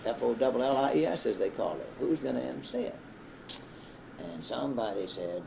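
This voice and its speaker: A man's voice: medium pitch, a little fast, creaky. A man in his fifties with a Southern US accent, telling a long rambling story with many restarts and uh's. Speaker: interviewee, radio broadcaster. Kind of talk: casual storytelling. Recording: dull, faintly hissy old reel-to-reel tape.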